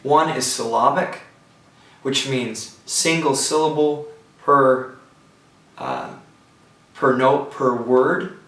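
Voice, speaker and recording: Slow-speaking man teaching in a roomy space. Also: mid-range voice, a bit bright. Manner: thoughtful, with pauses and restarts, breaks into sung examples. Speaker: songwriting teacher. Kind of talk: lecture. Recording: roomy sound from a distance from the mic.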